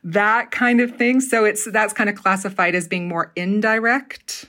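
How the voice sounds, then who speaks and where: A middle-aged woman from Utah, a dialect coach and theatre professor, explaining speech patterns in an animated, casual interview chat. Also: mid-range voice, unhurried. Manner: animated, acts out accents while explaining.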